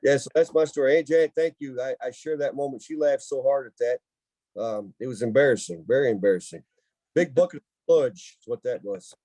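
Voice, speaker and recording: A man co-hosting a casual podcast, telling lively family stories with laughter. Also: medium pitch, brisk, no echo. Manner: laughing, animated storyteller. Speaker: podcast co-host. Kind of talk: casual storytelling chat.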